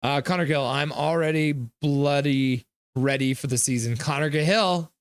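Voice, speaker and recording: A man hosting a live stream, reading chat aloud and thanking viewers in a loose, jokey way. His voice sits a bit high for a man. The sound is dry and close, with no room around it. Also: moderate pace, smooth, dry recording. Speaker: host of a live hockey stream.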